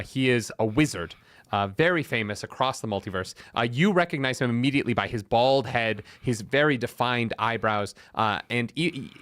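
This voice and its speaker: Halting male game master narrating. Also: mid-range voice, a bit bright, dry recording. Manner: halting, filler-heavy narration. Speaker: dungeon master.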